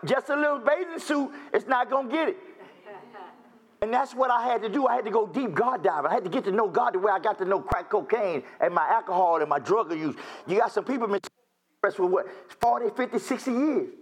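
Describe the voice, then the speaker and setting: A man preaching his testimony, repeating phrases, asking the crowd questions and swinging from near-shouts to low, emotional confession. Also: animated, a little fast, husky. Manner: call-and-response asides, repeats phrases, rising to near-shouts. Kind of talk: testimony sermon.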